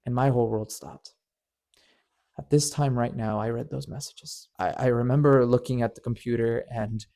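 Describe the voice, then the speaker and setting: With a mellow, medium-pitched voice, a man who is a storyteller and channel host relates a painful personal story. His telling is earnest and emotional, marked by frequent stammers and repeated words.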